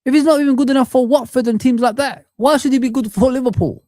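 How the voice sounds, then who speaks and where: A man streaming a frustrated football rant, shouting out viewers and calling them guys and man. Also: very high voice, quick pace, dry recording, clean studio sound. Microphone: streaming mic.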